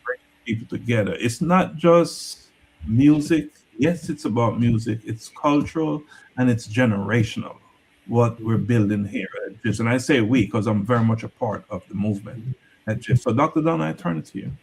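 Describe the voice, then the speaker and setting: Man, talk show co-host, gravelly husky voice, emphatic, encouraging. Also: mid-range voice, moderate pace.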